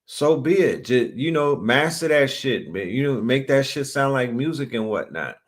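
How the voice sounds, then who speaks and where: A man's voice: mid-range voice, expressive, moderate pace. A man hosting his channel, talking casually to a live chat in loose street slang, often asking "you feel me?". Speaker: channel host.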